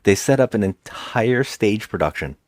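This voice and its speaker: Low-voiced man recapping a movie. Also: normal speed, no echo, studio quality. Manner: animated retelling, quotes characters in raised voices. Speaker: podcast co-host. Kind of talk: casual movie recap chat.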